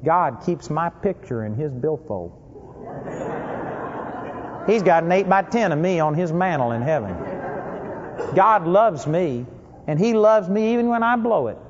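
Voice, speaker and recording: A man delivering a sermon with a fairly high voice that punches key words and then drops low. The recording is dull and lo-fi, with a long reverb trailing off as if in a large hall. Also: animated, moderate pace, pauses often, slight background noise. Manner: emphatic, swings between loud stress and low asides. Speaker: preacher.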